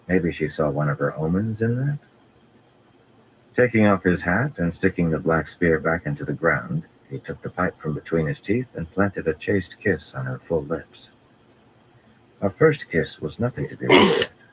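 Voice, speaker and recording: A man reading a fantasy novel aloud as an audiobook narrator, in a measured, even storytelling manner. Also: extremely low pitch, slight background noise, poor audio.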